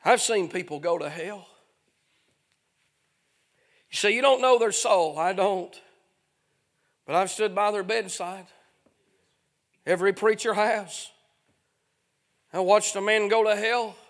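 Male preacher, high gravelly voice, chanted revival delivery with "uh" fillers. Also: fairly bright tone. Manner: chanting, drawn-out phrases with frequent "uh". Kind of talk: fiery revival sermon.

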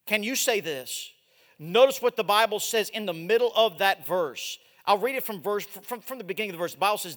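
A man in his forties preaching a missionary sermon, swinging from loud exhortation to hushed, drawn-out words. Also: high-pitched, lively intonation. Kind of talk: evangelistic sermon with live demonstration. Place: large church sanctuary. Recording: echoey church hall.

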